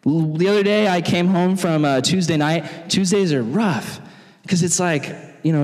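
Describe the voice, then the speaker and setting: A young adult man giving an animated sermon in a church, acting out other people's voices as he talks. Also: a little high. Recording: long reverb in a church hall.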